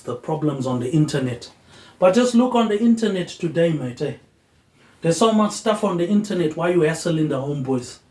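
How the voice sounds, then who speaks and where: This host, whose pitch is fairly high, wanders through a philosophical monologue recorded in an echoey room. He lets his reasoning meander and tacks a softer tag word onto almost every phrase.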